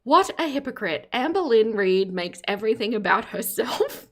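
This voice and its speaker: A woman's voice: fairly high pitch, very animated, moderate pace, a bit bright. A woman hosting a live reaction stream, chatting casually, giggling often and reading out her chat as she comments on a video. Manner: giggly, laughs often, reads chat aloud; playful teasing commentary.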